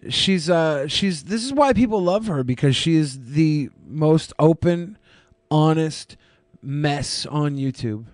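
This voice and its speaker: A man's voice: on the high side, lively intonation, slow, darkish tone, dry recording, studio quality. A man in his thirties co-hosting a podcast, riffing crude jokes in casual chat. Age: 30s. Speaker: podcast co-host.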